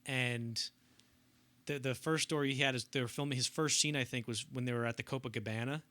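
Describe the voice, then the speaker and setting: A man's voice: mid-range voice, fairly even intonation, a little fast, pushed and bright. A young man co-hosting a casual film podcast, rambling through anecdotes and acting out quotes in bursts. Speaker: podcast co-host.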